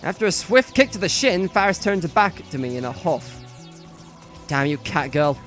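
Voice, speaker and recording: A woman's voice: on the low side, normal speed, faint music behind. A woman narrating a visual novel let's play, reading the lines and joking with casual swearing. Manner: lively, swears and laughs at herself.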